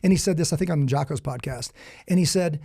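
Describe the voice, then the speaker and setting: Fast-talking gravelly man telling emphatic stories. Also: on the high side, dry recording, studio quality. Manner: animated storyteller, acts out quoted dialogue; emphatic, preacher-like conviction. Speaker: podcast guest, security company founder. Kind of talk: conversational interview.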